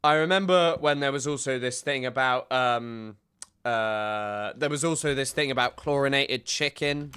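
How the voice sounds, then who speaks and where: A man's voice: medium pitch, unhurried, pushed and bright, smooth. A man casually commenting on news clips as a streamer, chatty and loose with many fillers.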